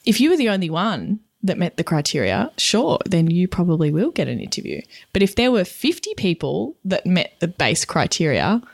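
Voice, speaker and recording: A woman's voice: fairly low pitch, sing-song, moderate pace, vocal fry, few pauses, no echo, clean studio sound. A woman career coach co-hosting a podcast, chatting casually in a playful, giggly way. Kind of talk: casual chat.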